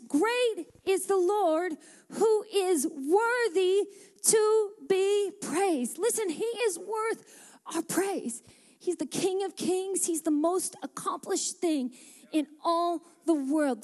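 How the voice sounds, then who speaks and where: A woman's voice: extremely high pitch, darkish tone, long reverb tail. A woman pastor preaching a sermon in a church and calling out for responses from the congregation. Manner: passionate preaching with call-and-response. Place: church sanctuary.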